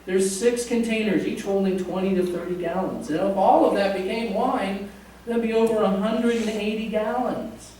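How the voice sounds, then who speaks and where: A man's voice: high-pitched, fairly even intonation, moderate pace, darkish tone. Male pastor, sermon, conversational, heard from afar, roomy reverb, faint hiss. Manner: conversational, jokes with the congregation. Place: church sanctuary. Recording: echoey church from a distant mic.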